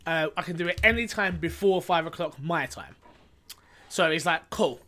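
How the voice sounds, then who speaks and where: A man co-hosting a casual podcast over a remote call, loud and teasing, swearing freely. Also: on the high side, moderate pace. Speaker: podcast co-host.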